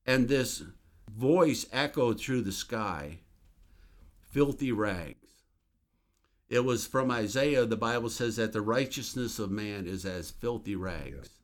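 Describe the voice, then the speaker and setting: A man's voice: on the low side, measured pace, hardly any pauses. A man who is a minister, sharing a religious testimony in an earnest, emphatic storytelling manner.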